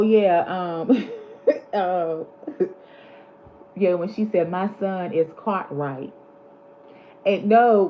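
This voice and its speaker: A woman, chatting casually on her vlog and animatedly retelling movie scenes. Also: mid-range voice. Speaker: vlog host. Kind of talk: casual chat. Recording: slightly dull lo-fi audio with faint background hiss.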